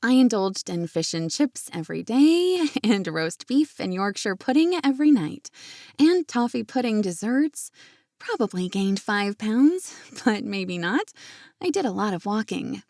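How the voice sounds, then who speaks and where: A woman's voice: on the high side, sing-song, a little slow, a little mellow, no echo, studio quality. A woman voicing an eager, flustered young woman who talks in a lightly raised, breathless voice.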